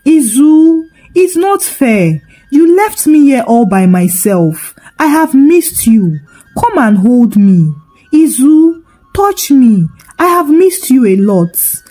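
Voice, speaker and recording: A woman's voice: high-pitched, very animated, takes it slowly, mellow, heavily acted. A woman voicing a bewitched mother who pleads desperately with her son. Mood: pleading.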